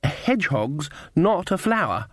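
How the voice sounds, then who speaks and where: Man reading as a little girl, cheeky and insistent, high piping voice, storybook. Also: sing-song, moderate pace, dry recording, clean studio sound. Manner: bold, teasing, insistent. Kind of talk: audiobook character voice.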